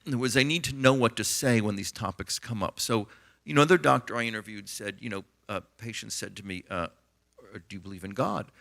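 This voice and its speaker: Gravelly American man telling stories. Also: fairly low pitch, fast, a bit bright. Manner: storytelling with many fillers and retold dialogue. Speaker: author and physician. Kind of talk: conversational interview talk.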